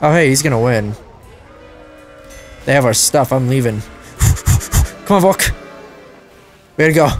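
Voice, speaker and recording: A man giving live gameplay commentary as a channel host, excitable and prone to loud frustrated outbursts and swearing. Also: mid-range voice, a little slow, pauses often, faint music behind.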